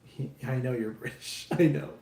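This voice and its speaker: Gravelly and warm, his mid-range voice moves at normal speed as he builds a model kit live. He chats casually with viewers, rambling, putting himself down, and swearing freely, with a roomy echo and faint background noise.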